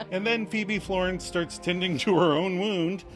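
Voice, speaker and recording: A man's voice: high-pitched, steady tone, a little slow, fairly bright tone, soft background music. A man co-hosting a podcast, narrating a recap in a playful, casual way with frequent laughs. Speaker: podcast co-host.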